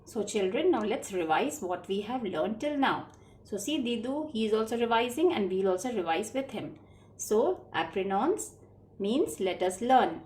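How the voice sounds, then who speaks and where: A woman's voice: on the high side, expressive, normal speed, a little mellow. Woman, children's French teacher; patient, repetitive classroom delivery, spells words letter by letter. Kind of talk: classroom lesson explaining spelling.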